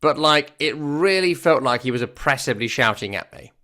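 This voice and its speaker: A man in a casual football podcast, reviewing a match in an animated, wry way. His voice sits at an ordinary middle pitch, and he often repeats a phrase for emphasis. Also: fairly quick. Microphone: works regularly on a microphone.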